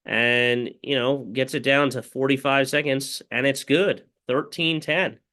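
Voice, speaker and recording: A man's voice: mid-range voice, fairly even intonation, measured pace, bright, forceful tone. A man giving a casual play-by-play recap of a football game as a fan, rambling and full of fillers. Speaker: fan commentator.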